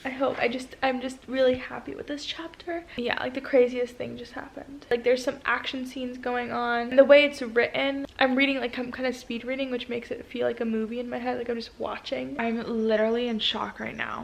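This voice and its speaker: A woman's voice: fairly high pitch, steady tone, a little fast, vocal fry, few pauses. A young woman vlogging casually about a book she is reading, gushing, emotional and breathless as she talks.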